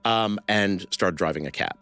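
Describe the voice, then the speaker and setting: Guy with a real low voice telling a story, lots of ums and restarts. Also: pushed and bright, clean tone. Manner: halting, many fillers and restarts. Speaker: interview guest. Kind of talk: conversational storytelling.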